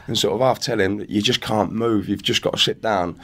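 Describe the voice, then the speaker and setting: A man's voice: on the low side, brisk. Sweary man telling stories. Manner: animated anecdote-telling, sweary, acts out other voices. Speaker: podcast guest. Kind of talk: casual chat, storytelling.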